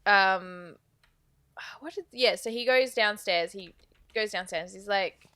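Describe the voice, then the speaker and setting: A woman casually talking through a horror movie's plot with a co-host, chatty and quick to agree. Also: mid-range voice, bright, forceful tone, clear, resonant tone. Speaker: podcast co-host. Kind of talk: casual movie recap chat.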